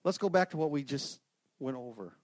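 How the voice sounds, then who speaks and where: A middle-aged man giving an informal, earnest sermon to a men's group, swinging from loud outbursts to hushed prayer. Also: medium pitch, expressive, fairly quick, no room sound, clean studio sound. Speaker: lay speaker at a men's gathering.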